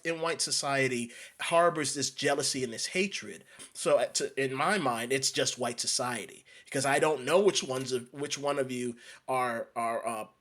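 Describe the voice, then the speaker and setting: A man's voice: on the high side, a bit bright. Emphatic man from New York ranting. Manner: emphatic, repetitive, restarts phrases. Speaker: commentator. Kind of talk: ranting video monologue.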